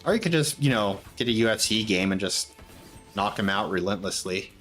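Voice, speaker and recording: A man's voice: fairly low pitch, lively intonation, brisk, a bit bright, soft background music. A young man streaming a game, muttering to himself and rambling with lots of fillers in casual commentary.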